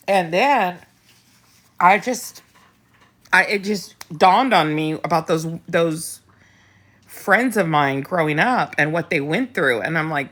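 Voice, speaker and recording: A woman's voice: fairly low pitch, expressive, slow pace, pauses often, a bit bright. A middle-aged woman hosting a casual live chat, talking candidly and bluntly with frequent restarts and the odd swear word. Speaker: host.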